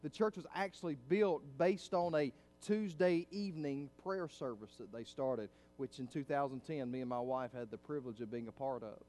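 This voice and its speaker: A middle-aged male pastor preaching a sermon in a church, swinging from hushed, low passages up to loud, fervent climaxes. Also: normal speed, few pauses.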